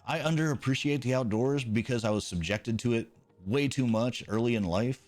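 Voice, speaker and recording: A man's voice: mid-range voice, normal speed, hardly any pauses, darkish tone, faint music behind. A man streaming a video game, chatting casually with viewers in a laid-back, rambling, self-mocking way and swearing now and then.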